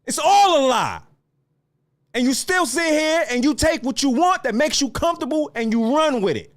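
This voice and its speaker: Male podcast host, very high voice that swings widely, heated profane rant at listeners. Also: animated, normal speed. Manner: heated, profane, lecturing the audience.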